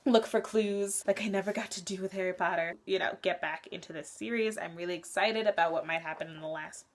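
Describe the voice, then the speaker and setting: A woman's voice: on the low side, steady tone, brisk. A young woman vlogger in casual chat about a book she is rereading, candid and swearing often.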